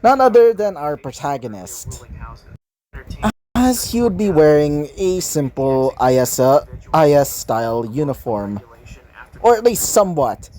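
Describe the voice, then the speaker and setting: A man's voice: fairly high pitch, big pitch swings, unhurried, warm tone. A man casually narrating his own fan fiction, rambling and often correcting himself mid-sentence. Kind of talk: casual fan story reading.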